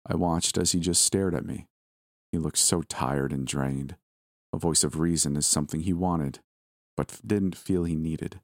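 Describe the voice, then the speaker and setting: A man narrates a first-person story in a steady, measured way. His voice is very low and deep, and the recording is close and dry, with no room sound. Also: dry recording.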